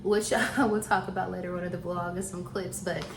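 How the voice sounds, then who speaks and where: A woman's voice: on the low side, steady tone, brisk. A woman chatting casually as a vlogger, laughing often and restarting her sentences, a little out of breath. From Southern US. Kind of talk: casual chat to camera. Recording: echoey room with faint noise.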